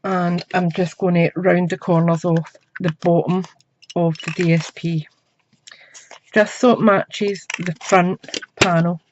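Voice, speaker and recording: A woman talks through a craft project at her home desk at an unhurried pace. Her chat is easy and running, as if she is working with her hands the whole time. The sound is a bit dull and muffled, like a home camera recording. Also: on the low side, little pitch movement, slight background noise. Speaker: craft demonstrator. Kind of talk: crafting tutorial. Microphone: camera mic.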